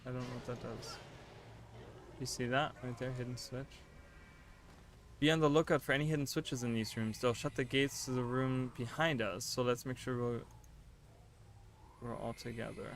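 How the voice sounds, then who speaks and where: A man live-streams a game and talks casually to his viewers as he plays. He sits at a middling pitch and chats along. He is quick to get flustered and exasperated, with a faint hiss underneath. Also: fairly even intonation. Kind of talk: casual livestream chat while gaming.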